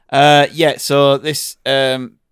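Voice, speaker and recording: A man's voice: medium pitch, level tone, very slow, a bit bright, smooth, no room sound, clean studio sound. A man, co-hosting a casual review podcast, laid-back and hesitant with fillers. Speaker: podcast co-host.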